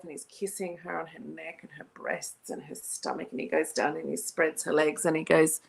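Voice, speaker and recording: A woman hosting a podcast, chatting casually and telling animated stories with loud bursts of laughter. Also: fairly low pitch, moderate pace, gravelly, few pauses. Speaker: podcast host. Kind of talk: casual chat.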